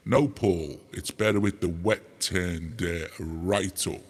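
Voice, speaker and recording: A man's voice: slow pace, few pauses, breathy edge. Joking man through a harmonizer effect. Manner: joking, rambling, self-mocking. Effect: voice run through a harmonizer pitch effect. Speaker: host demonstrating audio effects. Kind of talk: casual demo chat with playful joking.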